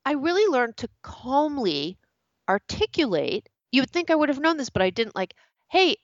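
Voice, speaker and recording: A woman's voice: sits high, big pitch swings, moderate pace, no echo, highs cut off. A woman guest in a casual interview who tells stories animatedly and acts out quoted dialogue. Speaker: author guest.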